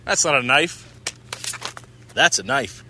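An actor playing a loudmouth American city kid who puts on a bad Australian accent in a movie trailer. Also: male voice, mid-range voice, lively intonation, slow pace, background noise. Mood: cocky. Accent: bad put-on Australian.

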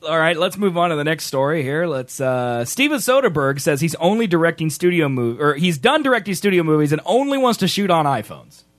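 A man's voice: brisk, hardly any pauses, dry recording. A young man co-hosting a podcast, joking in casual chat and reading news aloud. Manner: animated, joking, swings pitch widely. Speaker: podcast co-host.

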